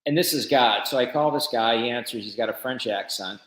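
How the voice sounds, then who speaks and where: A man's voice: medium pitch, a little fast, fairly bright tone, roomy sound, poor audio. A man, a business founder, tells his story casually in an interview and acts out the conversations he quotes.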